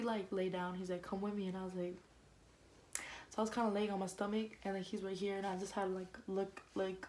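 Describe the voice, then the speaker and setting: A woman's voice: mid-range voice, darkish tone, slight background noise, poor audio. Slangy young woman telling a story. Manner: fast slangy talk full of "like". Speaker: vlogger. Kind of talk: casual storytime monologue.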